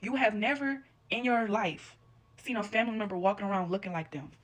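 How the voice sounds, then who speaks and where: A woman with a mid-pitched voice talking straight to camera. She rants bluntly and profanely, lecturing her viewers. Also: a little fast. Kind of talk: reaction video rant.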